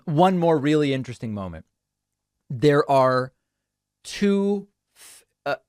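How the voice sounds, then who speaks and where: A man's voice: mid-range voice, no room sound. Sardonic male host commenting on clips. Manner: sardonic, dry. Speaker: show host. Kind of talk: news commentary over clips.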